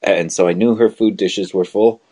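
A man's voice: lowish voice, steady tone, normal speed, mellow, husky. A man co-hosting a casual live show from his bedroom, telling rambling stories in an easygoing way. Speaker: co-host.

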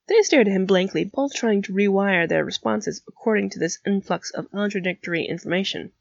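A woman narrating a story in an even, steady storytelling manner. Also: medium pitch, brisk, vocal fry, few pauses, dry recording, muffled recording. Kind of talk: audiobook reading of fan fiction.

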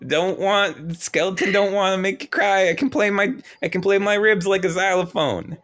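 A man's voice: fairly even intonation, normal speed, a bit bright. A man voicing a friendly, clumsy walking skeleton who tries to soothe a crying child. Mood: soothing. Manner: high, soothing, fumbling.

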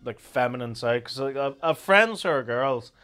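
Irish guy, loud bright voice all over the place pitch-wise, swears a lot, laughs constantly. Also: lively intonation, moderate pace. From Ireland. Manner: crude, laughing, acts out voices in anecdotes. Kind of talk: casual chat.

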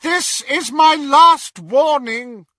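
A man playing a cruel dark wizard who gives slow, cold commands. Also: very high-pitched, dry recording, studio quality, pitched above the performer's own voice, exaggerated voice. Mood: cold commanding.

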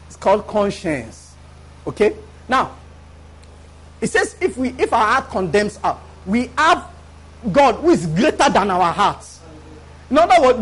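A man's voice: sits high, fairly bright tone, husky. A man preaching a live sermon to a congregation in church, repeating words for emphasis and often asking the listeners if they follow.

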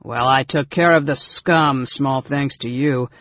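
A man voicing a gruff burly warrior. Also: mid-range voice, a little slow, a bit bright, dry recording, dull audio, lightly acted. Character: big burly male warrior, blunt and hearty.

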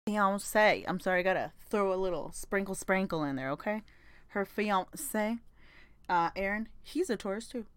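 A woman's voice: mid-range voice, moderate pace, fairly bright tone, clear, resonant tone, no room sound. A young woman hosting a podcast, chatting in a rambling, casual way, swearing freely and laughing often. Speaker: podcast host. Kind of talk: casual chat.

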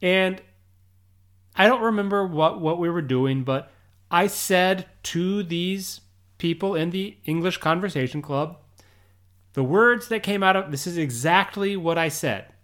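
A man explains pronunciation to English learners in a relaxed, unhurried way. His voice sits a little high, and he breaks into a quick drawl when he quotes himself. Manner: storytelling, quoting himself in a quick Southern US drawl. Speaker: English teacher. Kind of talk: casual explanatory lesson.

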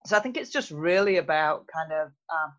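Podcast guest, measured and reflective, mid-pitched, muffled lo-fi sound. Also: lively intonation, a bit bright. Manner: thoughtful, measured, with frequent fillers. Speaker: interview guest, youth health researcher. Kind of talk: conversational interview.

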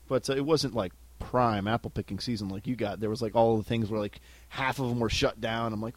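A man's voice: mid-range voice, fairly quick. A man co-hosting a casual podcast, telling stories with put-on voices and joking around. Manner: animated, puts on voices when telling stories. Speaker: podcast co-host. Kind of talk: casual chat. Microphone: headset.

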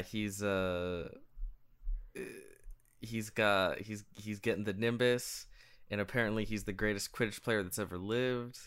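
A man's voice: on the low side, fairly bright tone, smooth. A man co-hosting a casual book chat podcast, sarcastic and profane, often stumbling over restarts. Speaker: podcast co-host.

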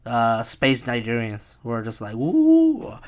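A man's voice: mid-range voice, moderate pace, a bit bright. A young man in his twenties talks alone into his podcast mic in a loose, meandering rant. He chuckles at his own ideas, swears freely and mocks himself as he goes. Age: 20s. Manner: chuckling, profane, self-mocking. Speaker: podcast host. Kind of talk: rambling solo podcast rant.

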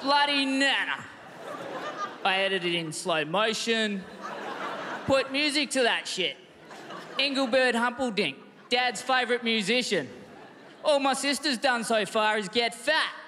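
A man's voice: very high voice, animated, measured pace, noisy background. A man in his thirties with an Australian accent, doing a laid-back, self-mocking stand-up set. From Western Australia. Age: 30s. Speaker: stand-up comedian. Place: large comedy festival theatre. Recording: reverberant theatre with loud crowd.

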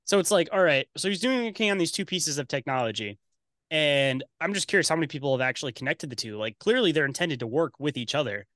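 A man's voice: on the high side, sing-song, fast, a bit bright, no room sound, studio quality. A man talking as a podcast guest in casual conversation, blunt and profane with a conspiratorial edge.

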